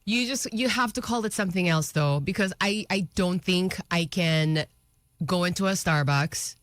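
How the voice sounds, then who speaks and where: A woman's voice: lowish voice, normal speed, no echo, studio quality. A woman co-hosting a radio show, chatty and easygoing, laughing often. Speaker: radio co-host. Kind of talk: casual radio banter. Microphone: studio microphone.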